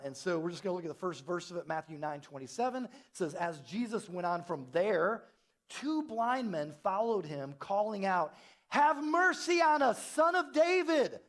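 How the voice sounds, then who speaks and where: A middle-aged man, a pastor, telling a story in a sermon and acting out the dialogue with big jumps in his voice. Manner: animated, acts out dialogue with big pitch jumps. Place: church.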